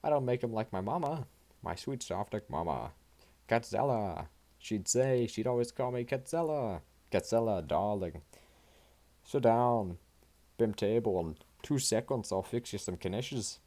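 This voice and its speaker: A man's voice: fairly low pitch, expressive, a little slow, warm tone, voice pushed up. A man voicing a gushing, chatty woman from an old film script, effusive and doting on her guests.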